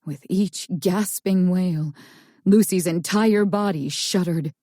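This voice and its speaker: Woman narrator, thriller audiobook, slow, dark mellow tone, dry close recording. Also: lowish voice, no room sound. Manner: slow, tense storytelling.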